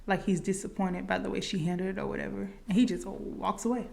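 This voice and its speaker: A woman's voice: medium pitch, level tone, quick pace, gravelly, a little mellow. A woman casually retelling a movie plot, with lots of fillers and quoted lines. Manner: chatty, many likes and fillers. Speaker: movie reaction vlogger.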